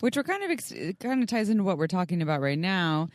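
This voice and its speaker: Woman, podcast co-host, lower voice, dry close sound, earnest coaching tone. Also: sing-song, fast, no room sound. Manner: earnest, coaching, many restarts. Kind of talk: casual podcast chat.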